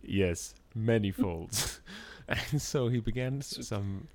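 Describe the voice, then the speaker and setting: A man telling a story in casual chat, animated and often breaking into laughter. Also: fairly low pitch, takes it slowly.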